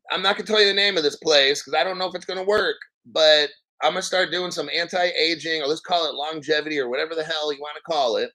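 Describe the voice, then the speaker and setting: A man's voice: fairly high pitch, bright, forceful tone. A man in his fifties hosting his own crypto channel, ranting casually to viewers in a mocking, profane, rambling way. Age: 50s. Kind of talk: casual unscripted rant to viewers.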